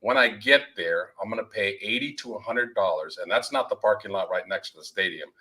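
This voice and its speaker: Bright-voiced ranting man. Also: lowish voice, brisk, rough recording. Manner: exasperated ranting. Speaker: podcast co-host. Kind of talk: casual sports talk.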